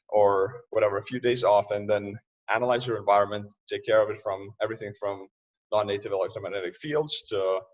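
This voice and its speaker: Husky man on a muffled distant line. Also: on the low side. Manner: loose, restarts often, laughs easily. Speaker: podcast guest. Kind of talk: casual interview talk. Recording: distant, muffled remote audio.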